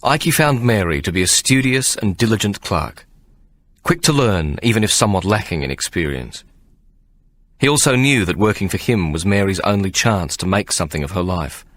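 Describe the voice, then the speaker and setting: A man narrating an audiobook with measured, expressive storytelling. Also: deep voice, dry recording. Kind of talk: scripted narration.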